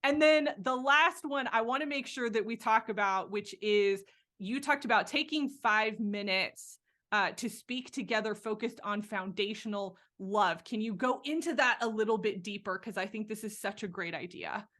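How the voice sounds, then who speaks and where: A woman's voice: mid-range voice, moderate pace, bright, forceful tone. A woman hosting a career podcast, speaking in an enthusiastic, upbeat way. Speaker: podcast host and career coach. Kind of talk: podcast interview.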